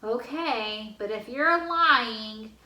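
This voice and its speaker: Storybook read-aloud: woman voicing a reluctant, argumentative young schoolboy, bright higher voice, echoey room. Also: drawn-out words, full character voice. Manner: reluctant, protesting. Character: stubborn young schoolboy who pulls pigtails.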